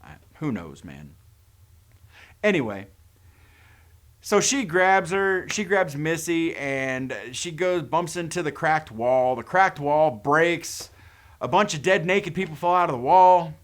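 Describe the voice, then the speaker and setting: A man's voice: a little high, lively intonation, takes it slowly, a bit bright. A man casually retelling a horror movie's plot as a reviewer, with sarcastic, incredulous asides. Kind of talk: casual plot recap and commentary.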